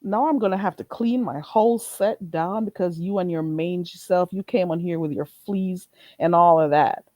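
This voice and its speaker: A woman's voice: lowish voice, normal speed, darkish tone, dry recording. A woman hosting her own livestream, ranting bluntly and mockingly at a viewer. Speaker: channel host. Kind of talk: livestream rant.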